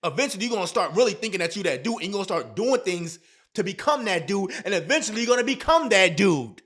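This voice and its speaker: High-pitched young male vlogger, emphatic motivational advice, repeats his punchlines, slangy and blunt. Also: big pitch swings, fast, fairly bright tone. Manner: emphatic and repetitive, heavy slang. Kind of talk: motivational advice talk to camera.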